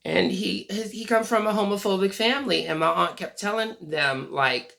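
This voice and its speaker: A person in their forties vlogging a casual, blunt and profane monologue, telling stories in an animated way. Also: mid-range voice, normal speed, creaky. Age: 40s.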